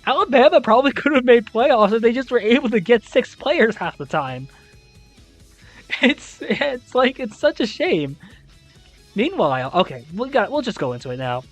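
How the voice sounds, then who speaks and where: Young adult league recap host, very lively pitch swings, exasperated and incredulous, swears casually, faint music underneath. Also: normal speed. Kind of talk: esports league recap and playoff analysis.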